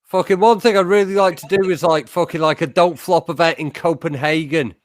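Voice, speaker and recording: A young man from England rambles through a casual chat. He swears a lot and leans on fillers, his voice pitched a bit high for a man. The sound is dry and close. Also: steady tone, fairly quick, no echo. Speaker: battle rapper.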